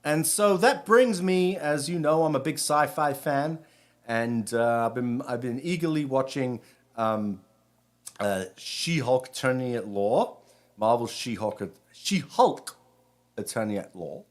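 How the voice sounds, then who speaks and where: A man from Britain, a rabbi, talks through a spiritual theme in a loose, conversational ramble. His voice sits at an ordinary middle pitch. He often restarts his sentences before finishing a thought. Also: a little slow. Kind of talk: casual spiritual talk.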